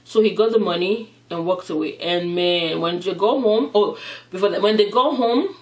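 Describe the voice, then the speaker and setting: Eating-show host, lively chatty retelling, mic a bit far off. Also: medium pitch, normal speed. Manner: animated retelling, acting out the characters. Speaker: mukbang vlogger. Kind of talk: casual storytelling while eating.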